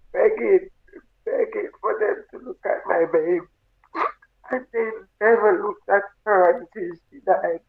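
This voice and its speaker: A Jamaican woman, a grieving mother, telling her story in a halting, tearful way and repeating her words. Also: medium pitch, creaky. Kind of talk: emotional personal testimony. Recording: tinny phone-like sound.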